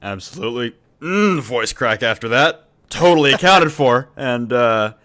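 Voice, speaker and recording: A man's voice: medium pitch, lively intonation, unhurried, a bit bright. A man co-casting an esports event, joking in casual, tired-sounding banter with his partner. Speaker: esports co-caster. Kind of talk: casual live commentary.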